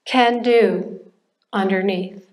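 An older woman giving a personal testimony at a church class, speaking in a slow, reflective way with pauses and restarts. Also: medium pitch, steady tone, a little mellow. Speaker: church member sharing testimony.

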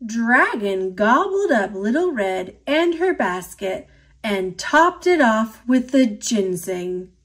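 A woman reading a children's picture book aloud, with expressive, animated storytelling. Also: fairly high pitch. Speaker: storybook reader.

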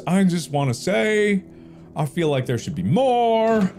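A man's voice: high-pitched, big pitch swings, unhurried, a little mellow, slight background noise. A man in his thirties commenting on his gameplay, prone to explosive swearing outbursts. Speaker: gaming video creator.

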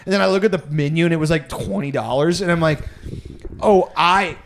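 Man, slightly high voice, casual rambling storytelling, heavy swearing, lots of fillers. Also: racing, noisy background. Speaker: podcast guest.

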